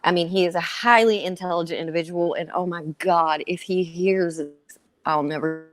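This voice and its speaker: A woman guest on a casual panel discussion, frank and profane, slow and emphatic. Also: fairly low pitch, fairly even intonation.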